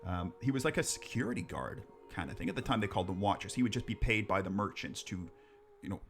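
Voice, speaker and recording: Give me a low-pitched man chatting loosely about ghosts, jokey and animated. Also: fast talker, creaky, soft background music. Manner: rambling, jokey, swears, laughs at his own jokes. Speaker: podcast co-host. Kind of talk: casual chat, telling ghost stories.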